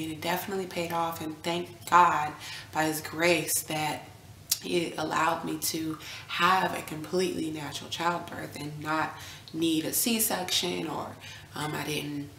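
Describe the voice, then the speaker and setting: Speaking at a measured pace in a low-set voice, this young vlogger and new mother shares a personal story over a slight hiss or hum. The room is echoey with faint ambience, and she animatedly reenacts quotes, at times sinking to a near whisper.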